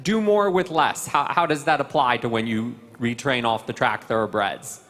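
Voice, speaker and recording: A man's voice: medium pitch, moderate pace, a bit bright. A man announcing award winners at a live horse show ceremony in a formal, ceremonial way. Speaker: event announcer. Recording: long hall reverb.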